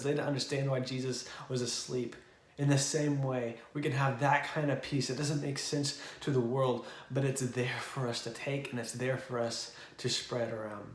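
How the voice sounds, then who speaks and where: Relaxed young male youth pastor, echoey room. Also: mid-range voice. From Oklahoma. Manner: relaxed, conversational, with fillers. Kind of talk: casual Bible devotional.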